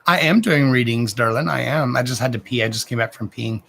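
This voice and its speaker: A man's voice: mid-range voice, a little fast, gravelly, a bit bright, a little hiss or hum. A man in his thirties chatting casually on a live stream as a card reader, rambling, with frequent restarts and loose swearing. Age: 30s.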